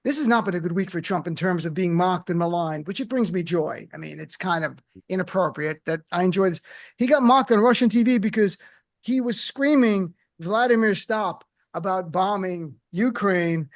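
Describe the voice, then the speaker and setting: A high-pitched male radio host leads a comic panel in a studio. He is animated and teasing, and he keeps acting out the lines he quotes. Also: moderate pace. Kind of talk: comedic panel chat. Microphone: studio mic.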